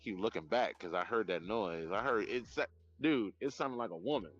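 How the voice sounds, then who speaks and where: A man live-streaming outdoors at night on his phone, chatting in a rambling, profane, animated way. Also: on the low side, moderate pace, highs cut off, soft background music. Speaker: livestreamer. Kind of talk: casual live-stream chat.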